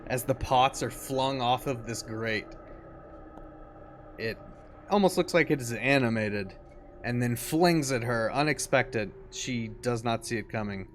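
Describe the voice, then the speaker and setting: A man running a tabletop game as game master, narrating scenes in a slow, descriptive way with casual asides. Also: medium pitch, a little hiss or hum.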